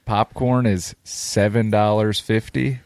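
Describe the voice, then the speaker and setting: Deep gravelly man, casual chat. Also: fairly even intonation, slow pace, a little mellow, dry recording, studio quality. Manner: blunt, swears freely. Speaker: podcast co-host.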